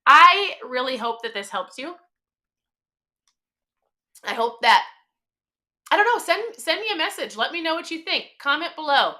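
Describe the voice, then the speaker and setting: Woman host, thirties, motivational live-stream talk, emphatic and chatty; pitched a bit high with a forceful edge. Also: sing-song, a little slow, pauses often.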